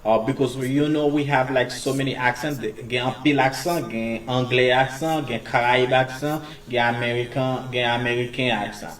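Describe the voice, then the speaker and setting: A man's voice: mid-range voice, fairly even intonation. Guy teaching english numbers, keeps switching languages, mic's a bit far off. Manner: switches between English, French and Creole while explaining; slow, repeated pronunciation drills. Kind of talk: casual video lesson.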